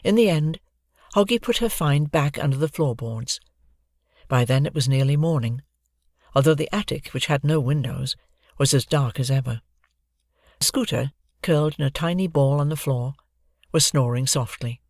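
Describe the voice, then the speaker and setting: An audiobook narrator reading a children's adventure novel in a lively, expressive manner, close to the microphone. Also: mid-range voice, moderate pace, dry recording.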